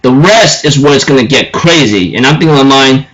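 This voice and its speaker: A man recapping an anime episode for his channel, excitable and tripping over his words. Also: mid-range voice, fairly quick, hardly any pauses, muffled recording. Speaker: anime reviewer.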